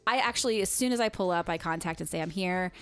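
A woman in casual podcast chat, telling a story with animated quoted voices and frequent laughs. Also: fairly low pitch, quick pace, clear, resonant tone.

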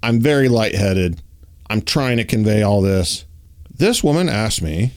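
Man, casual storytelling, animated delivery, acts out dialogue, lots of fillers. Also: on the low side, measured pace. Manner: uses many fillers like "like" and "you know".

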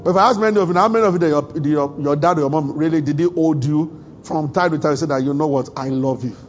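Male African pastor, high-ish voice, humorous sermon delivery, muffled lo-fi church recording. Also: fast, faint music behind. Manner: humorous, chuckling often, acts out quoted dialogue. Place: church service.

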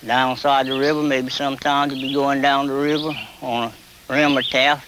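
Over a noisy background, a man in his seventies speaks with a flat delivery at normal speed. A traditional holler caller, he tells plainly how country folk hollered to one another, demonstrating long, high hollers in folksy storytelling.

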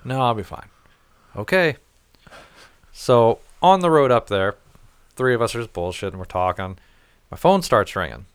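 A man spins a rambling, profane story in a casual chat, slipping into quoted voices along the way. His voice is smooth and resonant, and the sound is dry and close with no room to it. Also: fairly low pitch, sing-song, moderate pace, pauses often, no room sound.

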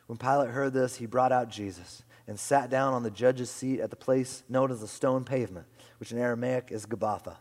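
A man preaching a sermon as pastor, swinging from loud emphatic lines to hushed whispers. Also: mid-range voice, fairly quick. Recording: long hall reverb.

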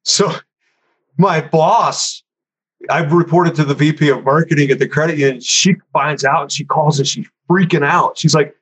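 Animated storytelling man, slightly high voice. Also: normal speed, husky, low-quality recording. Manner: animated, acts out other people's lines in a raised voice; conversational, frequent fillers like "you know" and "man". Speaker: storyteller recalling his career. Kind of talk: casual spoken storytelling.

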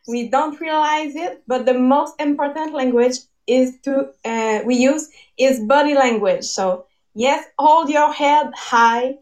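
Faint, distant woman on a call. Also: high-pitched. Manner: upbeat, giggly, list-like delivery. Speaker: guest speaker. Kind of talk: presenting tips on a live call. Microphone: phone on a video call.

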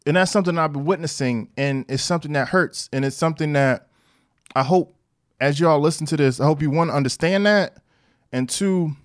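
A man hosting a podcast, telling a personal story in a loose, slangy, animated way. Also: a little high, a little fast, no room sound, clean studio sound. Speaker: podcast host. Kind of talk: casual monologue.

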